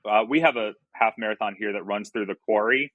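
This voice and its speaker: A man's voice: on the low side, brisk, no echo, phone-quality sound. A man from the Southern US, a podcast guest chatting casually and joking about himself. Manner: chatty, self-deprecating, easy laughs. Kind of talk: casual conversation.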